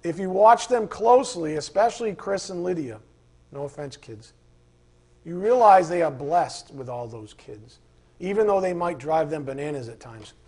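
A man's voice: on the high side, normal speed, breathy edge. Man preaching a rambling, informal sermon. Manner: rambling, informal, flares into animated rants. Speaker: pastor. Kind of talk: conversational sermon.

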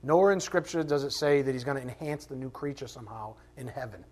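A man's voice: medium pitch, fast. A man teaching a Bible class in a conversational way, asking rhetorical questions and acting out quoted voices. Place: classroom with a board.

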